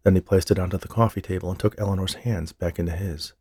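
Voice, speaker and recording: A man narrating an audiobook in a steady, even storytelling manner. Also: deep voice, fast, slightly rough, no room sound, studio quality. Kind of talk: scripted narration.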